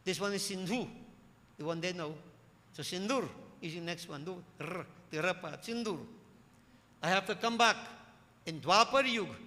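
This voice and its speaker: A preacher quoting a gentle, loving god, in a ringing hall. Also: male voice, sits high, moderate pace, pauses often. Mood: solemn promise. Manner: gentle, reassuring, solemn. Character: divine son, calm loving male deity. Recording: echoey hall with faint ambience.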